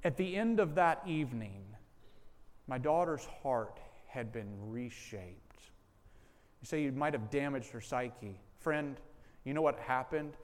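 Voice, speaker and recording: A man's voice: mid-range voice, lively intonation, unhurried. A male pastor preaching a sermon. He tells a personal story earnestly and repeats key lines for emphasis. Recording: long reverb of a large hall.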